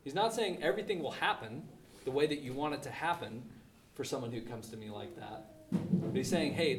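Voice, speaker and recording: A man's voice: mid-range voice, echoey room, distant mic, a little hiss or hum. A male pastor preaching a sermon in an emphatic, conversational way, full of rhetorical questions.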